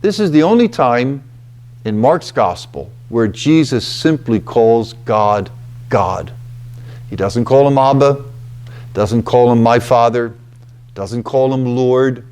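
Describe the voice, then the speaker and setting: Slow, deliberate man giving a scripture talk. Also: mid-range voice, animated, a little mellow, clear, resonant tone. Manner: deliberate, emphatic, with frequent "okay" and "you know". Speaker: retreat house presenter.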